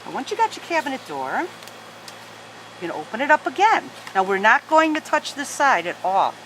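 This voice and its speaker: A woman with a high, very animated, slightly bright voice teaches origami at home at normal speed, patiently guiding each fold and chatting to her dogs. The recording is low quality, with a little hiss or hum.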